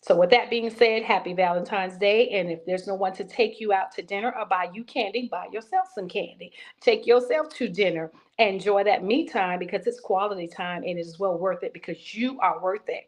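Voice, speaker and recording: A middle-aged woman hosts a talk show with an encouraging, sermon-like flow. She sounds heartfelt and emphatic, and she speaks at an everyday middle pitch. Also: brisk, hardly any pauses. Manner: warm preacherly encouragement, calls listeners baby. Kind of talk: casual interview chat.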